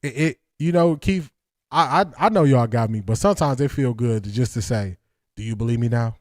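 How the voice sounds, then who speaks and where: In a dry, clean studio recording, a man with a mid-range voice talks at normal speed while hosting a casual football breakdown livestream. He's energetic and emphatic, laughing often and repeating lines.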